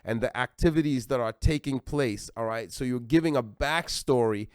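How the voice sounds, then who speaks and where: A man with an American accent preaching a sermon as pastor, animated and acting out little everyday dialogues. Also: mid-range voice, moderate pace, clear, resonant tone, dry recording, clean studio sound.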